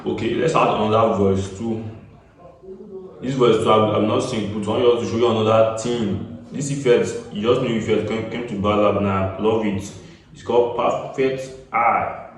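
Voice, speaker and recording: A man's voice: lowish voice, fairly even intonation, normal speed. A Nigerian man giving a casual music-recording tutorial. He is chatty, repeats himself and slips in Pidgin asides like "get me?". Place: small echoey room. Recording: echoey room, voice far from the mic.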